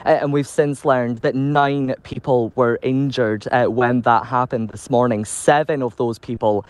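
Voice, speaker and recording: A man reporting live from a news scene, measured and sombre, with occasional ums. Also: medium pitch, steady tone, clean tone, no room sound. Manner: measured, sombre delivery with fillers.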